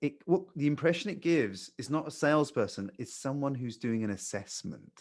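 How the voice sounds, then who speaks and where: A man coaching new hires on sales calls, calm and blunt, swearing casually. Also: mid-range voice, moderate pace. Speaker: sales trainer.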